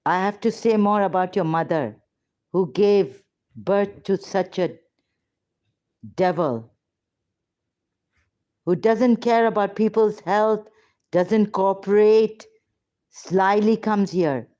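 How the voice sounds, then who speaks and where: A woman's voice: medium pitch, slow pace, pauses often, warm tone. A woman arguing heatedly on a call, confrontational and accusatory. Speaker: ex-Muslim debater on a call. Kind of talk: heated argument.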